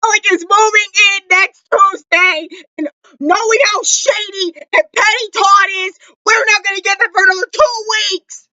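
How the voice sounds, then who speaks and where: Loud overexcited woman vlogger. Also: very high-pitched, fairly even intonation, normal speed, dry recording, low-quality recording. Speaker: TV reaction vlogger. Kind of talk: excited reaction review.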